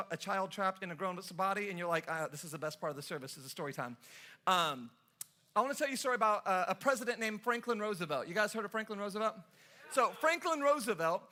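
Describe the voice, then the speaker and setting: A man's voice: high-pitched, sharp tone. A man from the Los Angeles area preaching a sermon, telling stories and teasing his congregation in a playful, joking way. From Los Angeles area, USA. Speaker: pastor. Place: church service before a congregation.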